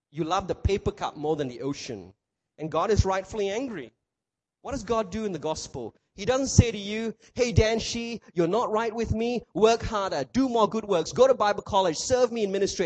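Lively male pastor preaching, fairly high voice, keeps asking the room questions. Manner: animated preacher, asks the crowd rhetorical questions. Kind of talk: sermon.

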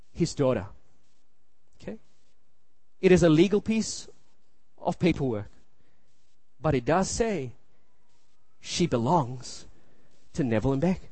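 A man's voice: high-pitched, darkish tone, no room sound. A man in his thirties delivers a sermon in a slightly raised voice. He is earnest and circles back on his phrases, checking in with his listeners. The sound is dry and close. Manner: earnest, repeats phrases, asks the room "you see?". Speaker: pastor.

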